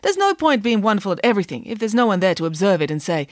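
A woman's voice: mid-range voice, big pitch swings, very fast, no room sound, studio quality, lightly acted. A woman voicing a bossy, boastful female pig nanny with a confident, indignant way of telling stories. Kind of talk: audiobook character voice.

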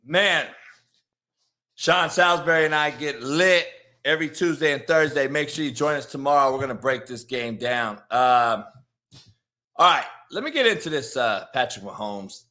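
A man's voice: mid-range voice, expressive, moderate pace, bright, forceful tone. A man hosting a sports talk show, brash and swearing freely as he hypes his next segment and breaks down a quarterback. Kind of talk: profane sports commentary.

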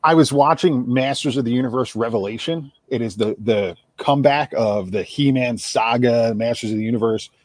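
On a casual sports radio show, a South Jersey man co-hosts in a rambling, talkative way, doubling back on words while he thinks. He speaks at normal speed with a medium pitch and hardly pauses, and the recording is dry.

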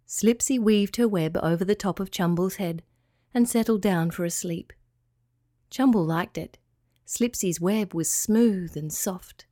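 A woman reading a children's story aloud, in a calm, clear and expressive way. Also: mid-range voice, dry recording, studio quality.

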